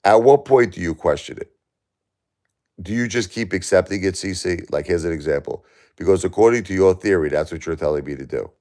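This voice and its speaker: A man's voice: deep voice, fairly quick, a little mellow. A man in his forties, a livestream host, talking heatedly and repetitively in an emotional chat with a viewer.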